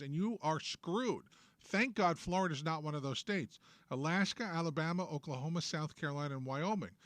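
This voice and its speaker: A man's voice: on the high side, fairly bright tone, no echo. A man with a New York accent hosting a political talk show, ranting in a sarcastic, emphatic way. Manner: opinionated, sarcastic, emphatic rants. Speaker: host.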